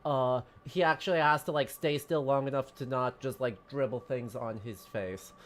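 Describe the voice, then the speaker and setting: A man's voice: medium pitch, fairly even intonation, moderate pace, a bit bright. A man casually chatting and reading dialogue while streaming a story game. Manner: chatty, self-deprecating, rambling. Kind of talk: casual let's-play chat.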